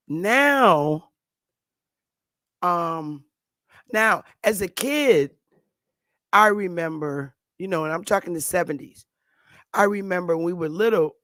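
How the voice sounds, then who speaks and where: A woman's voice: on the low side, fairly bright tone, dry recording. A woman in her fifties from the northern United States, talking to her YouTube audience in a rambling, unscripted monologue full of restarts and fillers. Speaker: YouTube commentator. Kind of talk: casual monologue.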